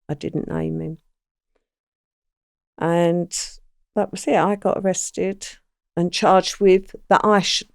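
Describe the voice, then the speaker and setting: Older woman guest, gravelly low voice, dry close sound, animated storyteller. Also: dry recording. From England. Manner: animated storyteller, acts out quoted lines. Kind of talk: recounting crime memories in a podcast interview.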